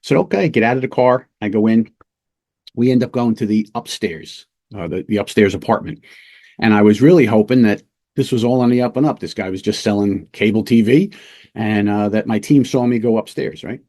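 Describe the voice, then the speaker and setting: A middle-aged man, a police lieutenant, teaching undercover work through a casual, lively anecdote told with small restarts. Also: on the low side, a little fast. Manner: lively anecdotes, acts out quoted voices, fillers and restarts. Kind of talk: casual storytelling lesson.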